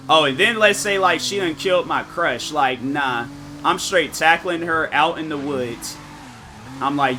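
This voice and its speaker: A young man streaming games, chatting casually with his viewers and telling animated, slang-filled stories. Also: on the high side, measured pace, noisy background. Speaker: gaming streamer.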